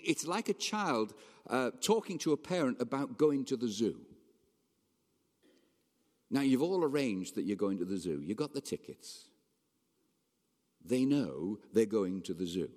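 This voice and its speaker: Guy preaching a sermon, chatty, asks the room questions, voice swings up and down, echoey church. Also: mid-range voice. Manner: conversational, animated preaching with rhetorical questions. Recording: long hall reverb.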